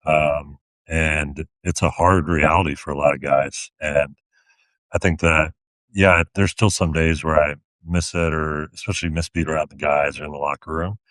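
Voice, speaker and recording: A man's voice: rumbling low, steady tone, normal speed, fairly bright tone, no room sound. A man in his thirties, a retired athlete talking as a guest, reflective and plain-spoken with dry humor. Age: 30s. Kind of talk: casual conversation.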